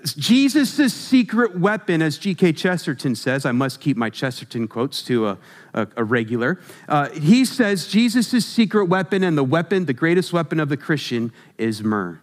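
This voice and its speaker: A man preaching a sermon, conversational and humorous, asking his congregation questions as he goes. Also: high voice.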